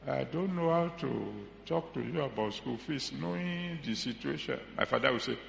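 This sermon comes from a man whose mid-range voice is creaky, with a little hiss or hum in the recording. He preaches humorously in an echoey hall with faint ambience, drawing words out for emphasis.

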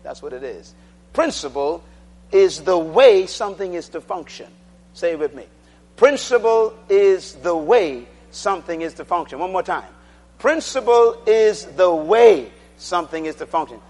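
A man preaching a sermon, drilling the congregation to repeat phrases and swinging between loud declarations and quiet asides. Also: high voice, animated, measured pace.

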